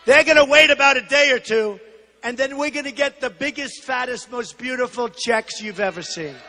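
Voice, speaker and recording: Older man on the stump: sharp, forceful tone, emphatic and repetitive, booming through a big reverberant hall. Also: moderate pace, slight background noise. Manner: emphatic, repetitive, punchy phrasing; shouts some lines. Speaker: political candidate. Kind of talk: campaign rally speech. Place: large rally venue. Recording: long reverb of a large hall.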